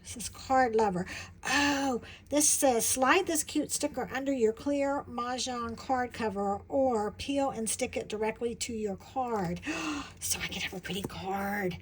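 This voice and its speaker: A woman chatting excitedly as she unboxes something, gushing and exclaiming with little giggles. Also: fairly high pitch, measured pace, slight background noise, low-quality recording. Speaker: vlogger.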